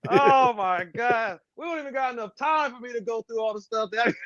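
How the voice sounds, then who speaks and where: A man, a tournament bass angler and podcast guest, telling stories in a lively way, laughing often and acting out the people in them. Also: unhurried, dull audio, crowd noise. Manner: animated, laughs often, acts out voices in his stories. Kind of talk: casual storytelling chat.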